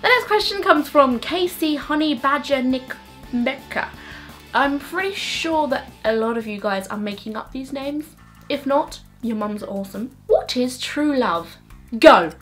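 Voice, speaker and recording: A woman's voice: sits high, lively intonation, a bit bright, faint music behind. Chatty woman vlogging. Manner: chatty and self-mocking, with quick joking asides. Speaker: YouTuber answering viewer questions. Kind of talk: casual Q&A vlog to camera.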